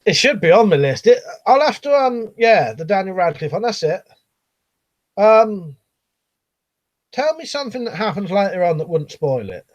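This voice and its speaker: A man's voice: sits high, sing-song, moderate pace. Swearing man reading stream chat. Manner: rambling, swears casually, reads comments aloud. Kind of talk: casual live-stream chat.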